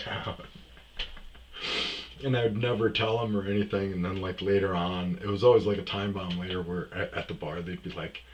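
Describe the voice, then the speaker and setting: A podcast host with a deep voice tells a personal story as a loose, rambling monologue, full of fillers and restarts. A little hiss or hum is audible in the recording.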